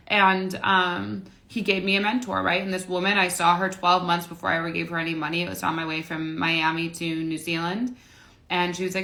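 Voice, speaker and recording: A woman's voice: on the low side, flat delivery, fairly quick, sharp tone. A woman in her late twenties, a manifestation coach, talking casually to camera in a rambling way, repeating phrases and filling with "like". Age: late 20s. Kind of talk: casual motivational talk to camera.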